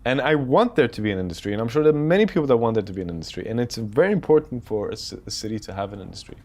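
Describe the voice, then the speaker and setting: A man's voice: mid-range voice, very fast. A man from the United Arab Emirates, a film director in his thirties, telling anecdotes in a casual interview and acting out what others said. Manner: animated, quotes others while telling anecdotes.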